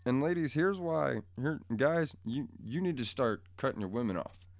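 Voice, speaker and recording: A man's voice: mid-range voice, animated, normal speed, no echo, studio quality. A man in a casual, profane rant to his viewers, blunt and crude, rambling and easily pulled off track, recorded at home. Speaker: vlogger. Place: home room.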